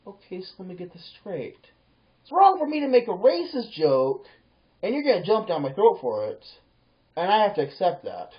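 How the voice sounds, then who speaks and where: A man talks to camera in a rambling, casual monologue, stumbling over repeated words as he acts out both sides of conversations. His voice sits fairly high and swings widely in pitch. The recording is dull and lo-fi, like a cheap home setup. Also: very animated, normal speed. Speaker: vlogger.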